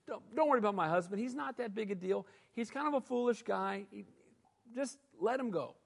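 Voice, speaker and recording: A male pastor voicing a gentle, humble woman who pleads softly for peace. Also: high voice, lively intonation, a little fast, vocal fry, big-room sound, full character voice. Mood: soothing. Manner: soft, soothing.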